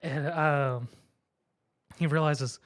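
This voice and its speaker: Animated man retelling an anime episode. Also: a little high, extremely slow. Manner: animated retelling, acts out characters' lines, laughs often. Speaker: podcast co-host. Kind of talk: casual anime recap chat.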